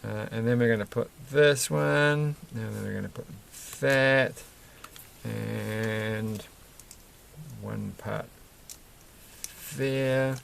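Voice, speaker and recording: A man's voice: lowish voice, steady tone, very slow, gravelly, long pauses, fairly bright tone, a little hiss or hum. A man chatting casually and rambling while he builds a toy set, chuckling often and breaking off mid-sentence. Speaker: vlogger building Lego sets.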